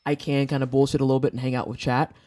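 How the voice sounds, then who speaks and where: A woman's voice: rumbling low, racing. A woman in her thirties hosting a live stream, chatting casually and telling profane stories, acting out the people she quotes. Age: 30s. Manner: animated, profane storytelling with exaggerated quoted voices. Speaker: streamer host.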